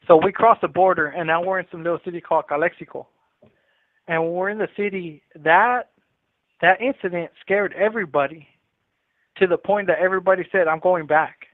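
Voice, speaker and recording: A man tells a story casually over a prison phone line. His voice sits a little high and comes through tinny and dry. He talks in loose slang and repeats words as he goes. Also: no room sound. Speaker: incarcerated caller.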